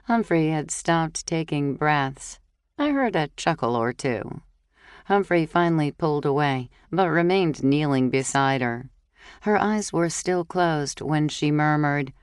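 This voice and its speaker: A woman reads a cozy mystery audiobook at an unhurried pace. Her voice sits low and her delivery is measured and even. The recording is dry and close. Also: clean tone, no echo. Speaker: audiobook narrator. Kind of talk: scripted narration.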